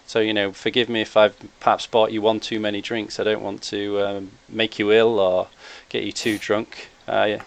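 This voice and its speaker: A man's voice: on the low side, flat delivery, normal speed, gravelly, few pauses, clear, resonant tone. A man playing a character in a tabletop role-playing game, talking hesitantly with many fillers. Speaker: player.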